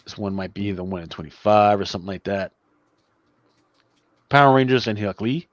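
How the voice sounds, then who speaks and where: A man hosts a loose, casual livestream chat in a rather low voice, rambling and trailing off. The sound is dry and dull, like a lo-fi mic. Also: moderate pace, dry recording. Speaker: host.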